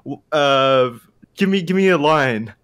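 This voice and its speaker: A man's voice: fairly high pitch, expressive, measured pace, fairly bright tone, clean tone. A man chatting as a guest, playful and self-deprecating. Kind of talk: casual banter.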